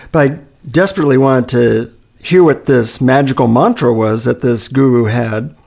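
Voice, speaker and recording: Gravelly guy casually telling a story, lots of uh and you know. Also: medium pitch, moderate pace. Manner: relaxed anecdotal storytelling with fillers.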